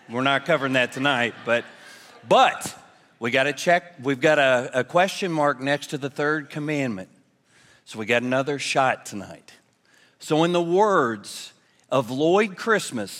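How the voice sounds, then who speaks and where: A man preaching to his congregation, trading jokes for earnest warnings. His voice sits high for a man and carries a long reverb through the church hall. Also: fairly bright tone. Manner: playful, then earnest. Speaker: pastor. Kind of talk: sermon with jokes. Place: church sanctuary.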